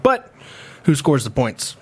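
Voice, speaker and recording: A man's voice: mid-range voice, very animated, slow pace, slightly rough. A man co-hosting a podcast in casual chat, rambling with many restarts and laughing easily. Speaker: podcast co-host.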